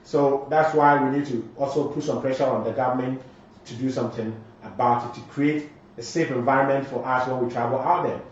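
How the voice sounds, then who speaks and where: A morning show host with a Ghanaian accent switches between Twi and English while reading out viewer comments emphatically on a live show. His mid-range voice is steady and fairly quick, on a very echoey, distant, dull lo-fi recording.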